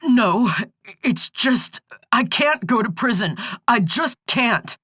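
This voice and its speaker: A woman's voice: fairly high pitch, animated, slow, fairly bright tone, breathy edge, dry recording, voice pushed up, full character voice. A woman narrator voicing a desperate young man in jail, quavering and close to tears, in an audiobook. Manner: quavering, panicked, pleading. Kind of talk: audiobook character voice.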